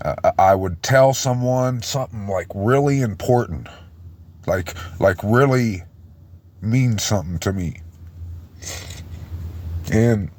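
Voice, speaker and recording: A man delivers an unscripted sermon in an unhurried, deliberate way. His voice sits low and sounds choked with emotion, and he stumbles, repeats himself and restarts his sentences as he goes. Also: a little mellow. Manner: halting, repeats and restarts words. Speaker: preacher. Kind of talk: informal sermon.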